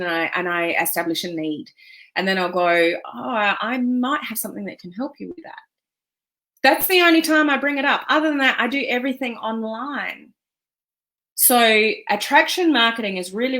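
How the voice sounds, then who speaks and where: A woman's voice: mid-range voice, sharp tone. A woman coaching on online business, speaking earnestly and with emphasis, with many fillers and restarts. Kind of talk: motivational teaching talk.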